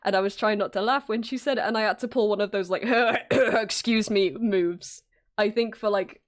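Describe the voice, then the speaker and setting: A woman's voice: medium pitch, fast. Exasperated woman telling a story. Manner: exasperated, animated retelling with acted-out quotes and swearing. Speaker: streamer. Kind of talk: casual storytelling on a livestream.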